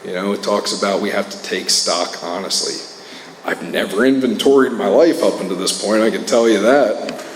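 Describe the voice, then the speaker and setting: Low-voiced man telling his story in a hall. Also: normal speed. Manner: candid, earnest storytelling with many fillers. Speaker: speaker at a recovery meeting. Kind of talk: personal testimony talk. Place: meeting hall. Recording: echoey hall with faint noise.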